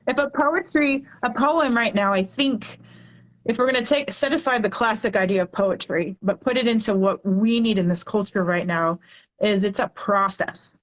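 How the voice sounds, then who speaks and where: A woman in her forties, a poet guest, talking in a chatty, animated way with lots of filler words. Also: mid-range voice, normal speed, highs cut off. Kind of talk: casual interview chat.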